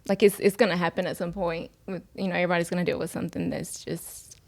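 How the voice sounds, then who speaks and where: Woman co-host, lower voice, soft, reflective, hesitant. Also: level tone, quick pace. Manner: soft-spoken, thoughtful, hesitant. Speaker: podcast co-host. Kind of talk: casual faith-based chat.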